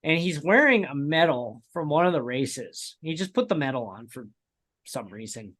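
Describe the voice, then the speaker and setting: A man with a somewhat high-set speaking voice chats casually as a podcast co-host. He rambles through stories, breaking off mid-sentence and chuckling as he goes. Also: big pitch swings, normal speed, fairly bright tone. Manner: rambling storyteller, chuckles while telling stories. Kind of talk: casual chat.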